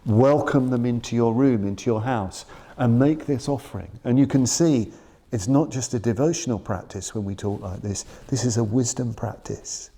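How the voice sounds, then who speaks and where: A man giving a Buddhist dharma talk in a shrine room, reflective and earnest, dwelling slowly on key words. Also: mid-range voice, mellow, slightly rough. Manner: reflective, earnest, quoting his teacher with slow emphasis. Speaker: Buddhist teacher.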